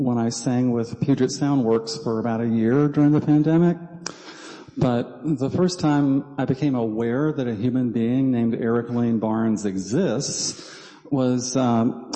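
A South Carolina man with a Southern accent and a mellow, medium-pitched voice speaks as a guest from a church pulpit. His talk is humorous and chatty, full of ums and self-deprecating jokes, and the sanctuary adds long hall reverb.

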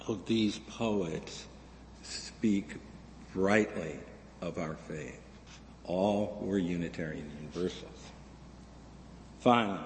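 A man preaching a sermon as a minister, slow and reflective, lifting his voice for the figures in the stories he tells. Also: on the low side, darkish tone, a little hiss or hum. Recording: echoey hall, slightly distant.

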